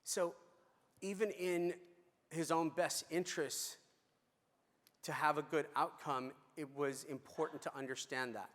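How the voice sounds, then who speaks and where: A man's voice: a little high, steady tone, measured pace, long pauses, a bit bright. A middle-aged man giving a conference talk, telling a story in a conversational way with fillers and restarts. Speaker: conference speaker. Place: large conference hall. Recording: reverberant hall.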